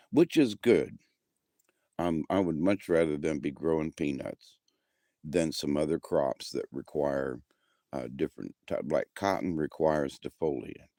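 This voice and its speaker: A man's voice: a bass voice, vocal fry, mellow, no room sound, studio quality. A man, chatting casually to a live audience outdoors at night in a folksy, meandering way. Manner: folksy and meandering, with frequent restarts. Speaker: livestream host. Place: outdoors at night by his house. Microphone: handheld camera.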